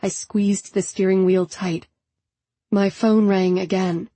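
A woman's voice: medium pitch, little pitch movement, slow, warm tone, no echo. A woman narrating an audiobook in the first person with a subdued, introspective delivery.

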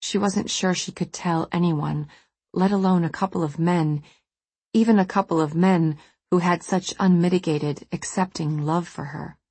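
A woman narrating a novel in a calm, measured way. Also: lowish voice, breathy edge, no echo. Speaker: audiobook narrator. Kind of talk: scripted narration.

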